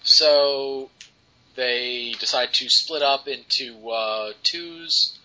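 A man's voice: mid-range voice, very slow, sharp tone. A man co-hosting a podcast, reviewing comics in casual chat with many ums and restarts. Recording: dull lo-fi podcast audio.

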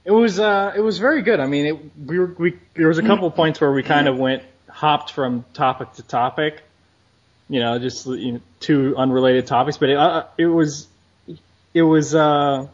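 A man co-hosting a podcast, wry and halting in casual chat. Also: fairly high pitch. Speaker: podcast co-host. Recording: lo-fi podcast recording.

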